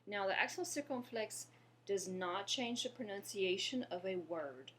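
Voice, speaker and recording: A woman from Louisiana teaching a French lesson, patiently explaining and pausing to have listeners repeat after her. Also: medium pitch, lively intonation, a bit bright, slight background noise. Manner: patient, slows down to model pronunciation and asks viewers to repeat. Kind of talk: language lesson.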